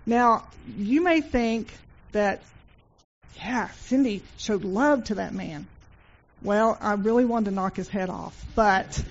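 A woman's voice: medium pitch, slow pace, muffled recording. A woman giving an informal Christian devotional talk, telling stories earnestly and repeating phrases for emphasis. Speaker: Christian speaker.

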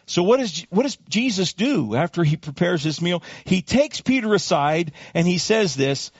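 Man preaching a sermon, acts out the voices, high and swoopy, kinda muffled dry sound. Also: expressive, moderate pace, vocal fry, slightly rough, dry recording. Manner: dramatic, acts out quoted voices, call-and-response with congregation. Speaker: pastor.

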